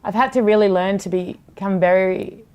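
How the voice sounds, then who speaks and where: A woman's voice: mid-range voice, normal speed, mellow, smooth. A woman in her thirties who hosts a TV sports show, talking candidly and passionately in a casual podcast chat, swearing freely. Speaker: TV sports host, guest.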